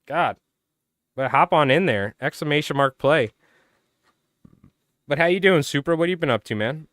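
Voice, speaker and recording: This is a man's voice on the higher side, expressive and fairly bright, moving at a moderate pace with clean studio sound and no room echo. He loosely chats his way through a relaxed fly-tying stream, addressing viewers by name. He sounds worn out and strained, pausing to clear his throat.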